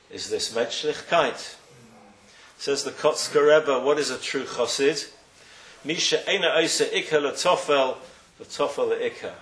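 There's slight background noise as this rabbi preaches in an echoey room, his mid-range voice fairly bright. Storytelling carries the sermon, with quoted figures acted out and heavy emphasis that swells and drops.

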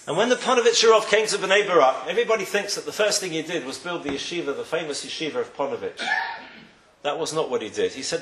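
A man with a slightly high, fairly bright voice preaches fast and animatedly as a rabbi. Through stories he acts out the people he quotes, his emphasis climbing and falling, all in an echoey room.

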